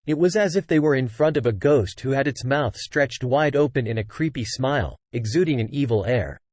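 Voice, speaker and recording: A man reading a fantasy web novel aloud as scripted audiobook narration, with steady storytelling and small shifts for the dialogue. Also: medium pitch, brisk, dry recording.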